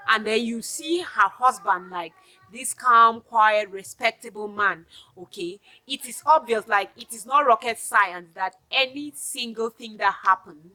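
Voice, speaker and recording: Nigerian woman, bright voice, talking straight to camera with emphatic advice. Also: mid-range voice. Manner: chatty, emphatic, addresses viewers directly. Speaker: vlogger giving advice. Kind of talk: casual advice monologue.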